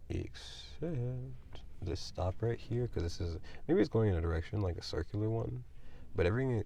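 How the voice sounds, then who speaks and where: Low gravelly man rambling through a tarot reading. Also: dark tone, a little hiss or hum. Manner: rambling, thinks aloud with many fillers. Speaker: tarot reader.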